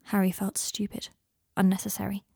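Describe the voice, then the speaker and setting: A woman narrates a fan fiction audiobook in a measured, even voice. Her pitch sits mid-range. The recording is dry and close with no room sound. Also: creaky, husky, no echo.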